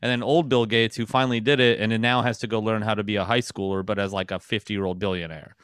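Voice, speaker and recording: A man's voice: lowish voice, fairly even intonation, fast talker, a bit bright, clear, resonant tone, dry recording, studio quality. A man co-hosting a comedy podcast, rambling casually with lots of fillers. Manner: rambling, filler-heavy, laughs often. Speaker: podcast co-host.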